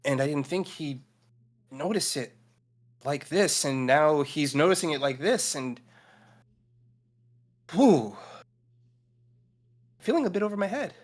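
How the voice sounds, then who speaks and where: A man's voice: on the high side, lively intonation, slow pace, pauses often. A man playing an earnest young male hero at a tabletop game, stammering and sounding unsure of himself. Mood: overwhelmed.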